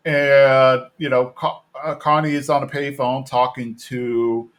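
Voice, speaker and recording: A man's voice: medium pitch, little pitch movement, measured pace. A man co-hosting a podcast, recapping a cartoon episode in a rambling, casual way and quoting characters in a raised voice. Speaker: podcast co-host.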